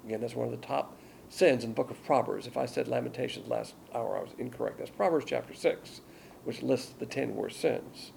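Gravelly, blunt male Bible teacher. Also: mid-range voice, fairly quick, slight background noise. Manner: digressive, blunt, reads scripture louder than his asides. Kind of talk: verse-by-verse Bible lecture.

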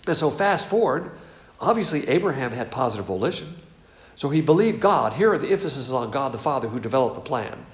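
A man's voice: mid-range voice, big pitch swings, fairly quick, echoey room. A man with a Southern US accent teaching the Bible in a folksy, conversational sermon with asides.

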